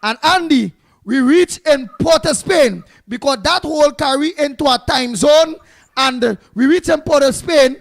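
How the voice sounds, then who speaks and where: Brief: bellowing Trinidadian border-patrol blowhard, put on by a man, high and shouty. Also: normal speed, creaky. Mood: ranting. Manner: shouting, ranting complaints.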